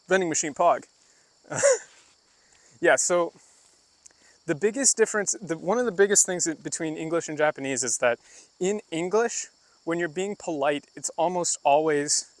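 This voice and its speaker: A man's voice: on the high side, no echo. Chatty man streaming outdoors, crickets. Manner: chatty, loose and conversational, demonstrating Japanese phrases. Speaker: vlogger livestreaming while walking. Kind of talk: casual livestream chat while walking, answering chat. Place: outdoors, rural path near woods.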